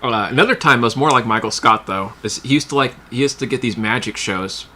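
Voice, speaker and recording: Bright-voiced man telling a rambling story. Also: mid-range voice, fairly quick, a little hiss or hum. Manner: rambling anecdotes with quoted voices and laughs. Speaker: livestream host. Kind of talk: casual storytelling.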